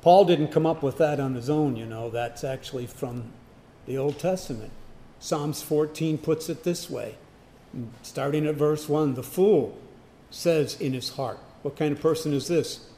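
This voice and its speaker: A man preaching a sermon, emphatic, swinging from loud declarations to hushed asides. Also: fairly high pitch, measured pace. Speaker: pastor.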